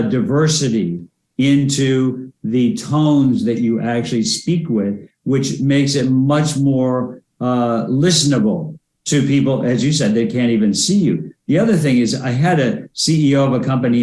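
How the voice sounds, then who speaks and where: An older man, a former presidential advisor and speech coach, giving measured, anecdotal interview answers with frequent fillers. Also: mid-range voice, a little mellow. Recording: roomy echo.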